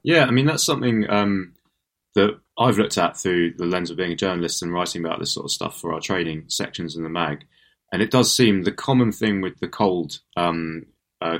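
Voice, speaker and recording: Deep voiced guy hosting a podcast, lots of ums, kinda hesitant. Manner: hesitant, many fillers. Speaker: podcast host, magazine journalist. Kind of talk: podcast interview talk.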